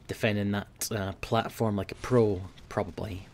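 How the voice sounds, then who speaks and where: A young man giving casual gameplay commentary, swearing often and grumbling at his team, quick to flare up. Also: on the low side, fairly even intonation, vocal fry, a little mellow, a little hiss or hum. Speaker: gaming video host.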